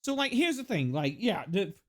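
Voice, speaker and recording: Lively, rambling live-streamer ranting casually. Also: medium pitch, normal speed. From United States. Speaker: livestreamer.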